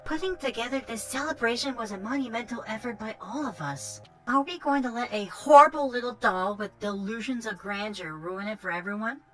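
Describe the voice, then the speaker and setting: A woman's voice: a little high, brisk, hardly any pauses, soft background music, natural voice, low-quality recording. A woman voicing a determined party organizer. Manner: earnest, rallying. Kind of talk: game voice acting.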